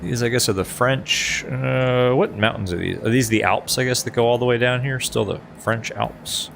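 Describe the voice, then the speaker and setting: A man's voice: medium pitch, moderate pace, creaky, a bit bright, slight background noise. A middle-aged man streaming a flight sim in casual chat, laughing often as he answers his viewers.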